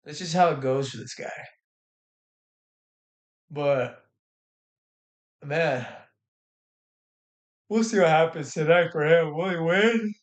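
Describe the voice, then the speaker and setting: A man's voice: a little high, slow, pauses often. A young man hosting a casual fight-night livestream, talking in brash, swearing, slangy trash talk. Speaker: livestream host.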